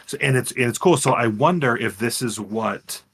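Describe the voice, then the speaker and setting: A young man co-hosting a podcast, retelling a story in a rambling, animated way with frequent restarts. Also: medium pitch, normal speed, slight background noise. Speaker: podcast co-host. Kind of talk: casual chat, retelling a game.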